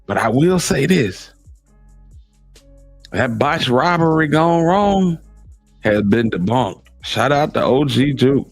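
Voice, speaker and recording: A man's voice: medium pitch, animated, slow, creaky, pauses often, dry recording, faint music behind. A man in casual commentary, reacting to clips with slangy, incredulous asides.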